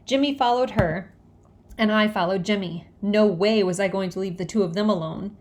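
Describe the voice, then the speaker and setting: A woman reading a children's book aloud in a lively, expressive way. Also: medium pitch, moderate pace. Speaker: audiobook reader.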